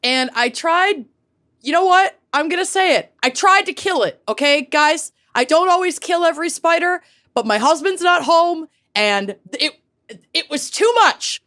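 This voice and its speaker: A woman co-hosting a podcast in casual chat, giggly and expressive, swearing freely. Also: very high-pitched, a little slow. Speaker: podcast co-host.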